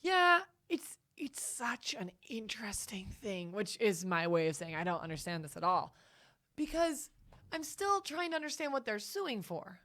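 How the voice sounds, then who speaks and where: A woman co-hosts a casual gaming podcast and keeps the chat playful and easygoing. Her voice sits at a middle pitch, and she laughs readily. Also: very animated, moderate pace, a bit bright. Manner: chatty, playful, laughs easily. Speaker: podcast co-host.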